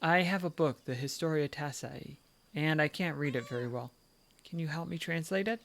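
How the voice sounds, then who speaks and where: A man's voice: on the high side, normal speed, creaky, fairly bright tone, slight background noise. A man voicing a polite, earnest young woman painter in his own everyday voice, as he reads game dialogue aloud.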